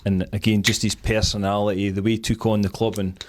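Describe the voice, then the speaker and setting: A Scottish man hosting a podcast, asking questions in a relaxed, conversational way with plenty of fillers. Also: fairly low pitch, a little fast. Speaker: podcast host. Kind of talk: casual podcast interview.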